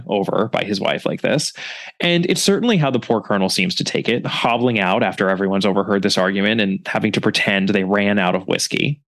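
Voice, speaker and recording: A man hosting a book review podcast, retelling a story in a chatty way with wry, sarcastic asides. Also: lowish voice. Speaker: podcast host.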